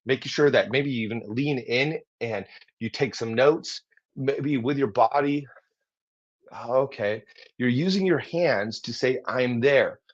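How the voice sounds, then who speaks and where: Husky man coaching on a livestream. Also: mid-range voice, a little slow. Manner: energetic, demonstrates tones and acts out example replies. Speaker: public speaking coach. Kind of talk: livestream teaching talk. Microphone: livestream mic. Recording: slightly dull lo-fi audio.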